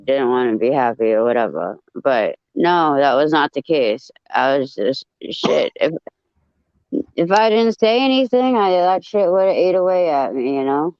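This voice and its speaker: A woman telling a story in casual chat, blunt and profane, with animated retelling. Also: low voice, a little slow, no room sound, dull audio.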